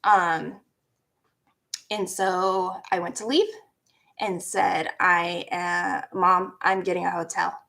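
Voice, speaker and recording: A woman's voice: lowish voice, level tone, takes it slowly, vocal fry, pushed and bright. A young woman, telling a personal story in a candid, rambling way, with swearing and laughter. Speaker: vlogger.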